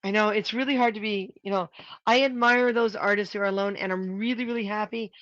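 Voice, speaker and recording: A prop maker chats casually on a livestream while working, thinking aloud and counting up costs. The voice sits at a middling pitch. The sound is dry and close, with dull, lo-fi livestream audio. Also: fairly even intonation, brisk, fairly bright tone, dry recording.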